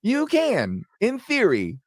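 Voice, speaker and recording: A man's voice: sits high, wildly swooping pitch, slow. A man co-hosting a podcast who asks the guest questions and adds wry, dry-humored asides in a casual way. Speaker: podcast co-host. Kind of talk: casual interview chat.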